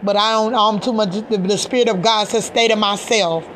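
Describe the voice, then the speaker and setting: A woman's voice: medium pitch, steady tone, fairly quick, slight background noise. A middle-aged woman, a mother, giving an impassioned personal rant to camera, agitated and emphatic, swearing and repeating herself. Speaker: mother speaking out in a video.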